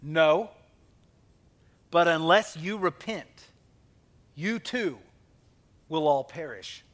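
A man's voice: on the high side, expressive, extremely slow, fairly bright tone. A male pastor preaching a conversational sermon, asking the congregation questions and acting out quotes.

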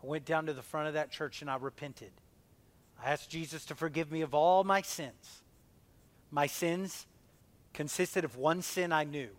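A man in his forties preaches with a somewhat high voice. He drives lines hard, then drops to a hushed near-whisper for tender moments. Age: 40s. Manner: impassioned, swinging from loud emphasis to a hushed near-whisper. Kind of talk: sermon.

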